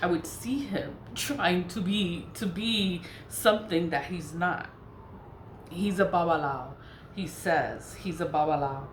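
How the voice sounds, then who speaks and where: A woman telling a personal story in a casual monologue, blunt and profane, repeating herself for emphasis. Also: deep voice. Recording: echoey room with faint background noise.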